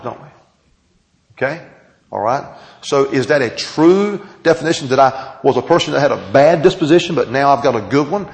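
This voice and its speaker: A man with a gravelly, fry-edged voice delivers a sermon to a class. He draws out key words for emphasis and keeps asking his listeners questions. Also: medium pitch, rough recording. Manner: emphatic, drawn-out phrases, asks the audience questions. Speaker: pastor teaching a Bible class. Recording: taped sermon.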